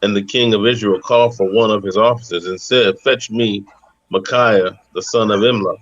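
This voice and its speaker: A man reading scripture aloud at a steady, measured pace in a bible study. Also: fairly low pitch, dry recording, highs cut off. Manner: steady, measured reading of old-style text. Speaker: scripture reader.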